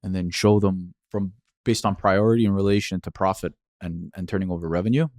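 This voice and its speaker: A male entrepreneur guest explaining things in a steady, practical manner over casual interview chat. His voice sits low and the recording is dry and close-miked. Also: a little fast, dry recording.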